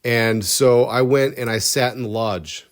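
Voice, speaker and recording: A male podcast co-host tells a story in a loose, rambling way. He often breaks off his own sentences and restarts them, and keeps a light comic tone. His voice sits at an ordinary, mid-range pitch for a man. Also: measured pace. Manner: rambling, self-interrupting, comic. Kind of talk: casual storytelling.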